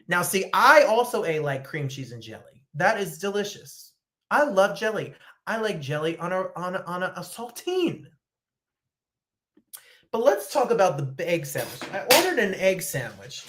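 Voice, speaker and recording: Chatty woman host from New Jersey, lively up-and-down delivery, rambling and casual. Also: lowish voice, normal speed. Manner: animated, chatty, rambling storytelling. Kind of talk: casual chat while eating on camera.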